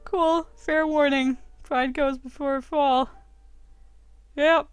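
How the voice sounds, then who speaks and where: A young woman commenting on a dating game with loud, swearing, laughing outbursts. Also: sits high, steady tone, slow pace, no room sound, faint music behind. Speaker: game streamer. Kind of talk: let's play commentary.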